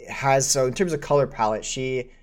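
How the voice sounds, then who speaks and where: A man's voice: mid-range voice, normal speed. A man running a tabletop game as game master, describing scenes in a casual, rambling way with many fillers.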